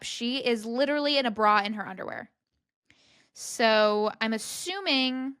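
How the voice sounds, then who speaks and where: Young woman, podcast host, casual commentary, chatty and disbelieving, bright tone. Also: on the high side, no room sound, studio quality. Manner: chatty, self-interrupting, reacting with disbelief.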